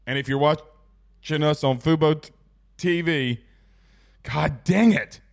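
A man's voice: on the high side, slow, gravelly. A man hosting a casual live sports talk show, reading out viewer comments in a loose, chatty way while fighting the hiccups.

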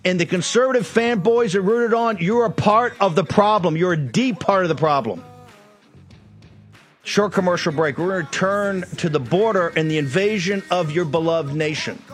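A man's voice: high voice, normal speed, faint music behind. A middle-aged man hosting a political talk show, delivering a fiery, ranting monologue full of repeated accusations. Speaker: host.

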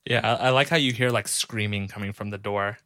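A man's voice: lowish voice, a little fast, pushed and bright, dry recording, studio quality. A man co-hosting a podcast, chatting about a film with frequent amused laughter. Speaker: podcast co-host. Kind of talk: casual movie chat.

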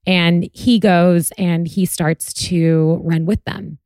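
Woman podcast host, lowish pitch, earnest storyteller, dry close recording. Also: steady tone, takes it slowly, a little mellow, dry recording. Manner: earnest, storytelling with many fillers. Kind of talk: conversational interview.

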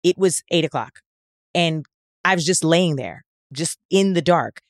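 A woman's voice: low voice, a little slow, dry recording, clean studio sound. A woman, a podcast co-host, telling honest, reflective stories about parenting in casual chat.

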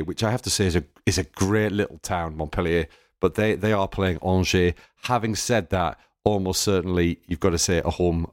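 A man's voice: sits low, no room sound, studio quality. A man hosting a football podcast, chatty and playful, poking fun at himself. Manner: chatty, self-mocking, playful. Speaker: podcast host. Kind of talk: casual chat.

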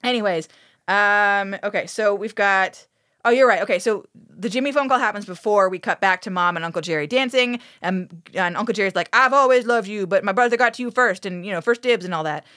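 A woman recapping a TV episode on a podcast, swearing a lot and acting out the characters' lines with big, animated energy. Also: medium pitch, fairly quick, dry recording, clean studio sound. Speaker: podcast co-host. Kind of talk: casual podcast recap chat.

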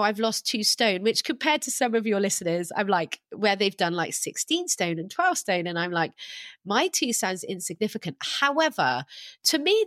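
A woman, a podcast guest and life coach telling her own story candidly over a video call, animated and self-deprecating. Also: on the high side, dry recording. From England.

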